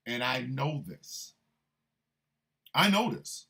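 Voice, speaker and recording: A man hosting a radio show, a military veteran, delivering a profane, confrontational monologue that swings from low, menacing threats to shouted outbursts. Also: very animated, a little slow. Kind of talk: heated monologue rant.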